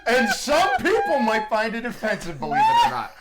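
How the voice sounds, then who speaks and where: A man's voice: extremely high pitch, huge pitch swings, fairly quick, very noisy. A male comedian guest telling a story in casual chat, dry and self-deprecating.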